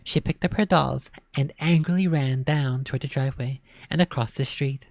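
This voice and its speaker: Low-voiced woman reading a spooky story. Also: normal speed, hardly any pauses, a little mellow, no room sound, studio quality. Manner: casual asides between read lines. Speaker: storybook reader. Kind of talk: reading a children's horror story aloud.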